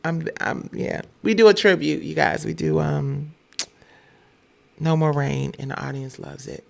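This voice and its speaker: A woman from Detroit hosts a casual news commentary, her voice carrying a gravelly, fry-tinged edge. She talks bluntly and with open irritation, swearing freely as she sounds off. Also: low-pitched, steady tone, unhurried, darkish tone. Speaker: show host.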